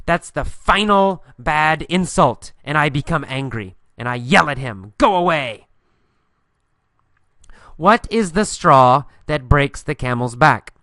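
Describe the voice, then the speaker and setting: Male English teacher, bright crisp voice, patient and repetitive, close dry mic. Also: a little high, lively intonation, no room sound. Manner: slow, patient, repeats key phrases and answers his own questions. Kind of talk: English listening lesson with questions and answers.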